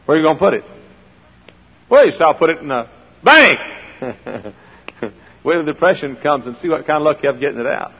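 A man preaching a sermon in a folksy style, full of rhetorical questions, swinging between loud and hushed. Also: a little high, expressive, fairly quick, long pauses, slightly rough. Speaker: pastor. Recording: dull old sermon recording in a large hall.

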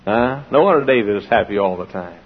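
A man preaching a sermon in a folksy style, full of rhetorical questions, swinging between loud and hushed. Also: fairly low pitch, animated, a little fast, slightly rough. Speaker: pastor. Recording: dull old sermon recording in a large hall.

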